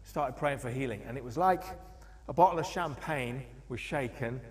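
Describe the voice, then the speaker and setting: A man's voice: medium pitch, moderate pace. A man preaching a sermon in a church, telling stories with animation and acting out the voices of the people in them. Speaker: pastor. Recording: long echo of a church hall.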